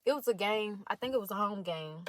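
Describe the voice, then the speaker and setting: A young woman in college tells a storytime with blunt profanity and lots of animation, reading aloud texts traded between other people. Her medium-pitched voice runs a little fast over a slight hiss or hum.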